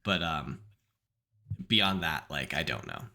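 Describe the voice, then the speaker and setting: A man's voice: rumbling low, big pitch swings, slow, gravelly, pushed and bright. A man hosting a podcast in loose, casual chat. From United States. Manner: loose and chatty, many "like" fillers. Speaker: podcast host.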